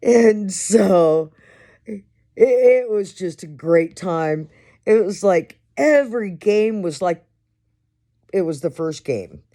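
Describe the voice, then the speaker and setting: A woman's voice: medium pitch, animated, takes it slowly, mellow. A middle-aged woman telling stories in a casual monologue, laughing often and swearing freely. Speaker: host.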